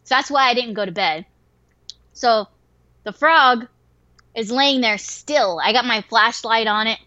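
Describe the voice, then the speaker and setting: Profane, animated woman telling a story. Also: a little high, measured pace, no room sound. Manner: swears freely, animated and excitable. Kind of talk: casual story told to a listener. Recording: dry, slightly dull lo-fi recording.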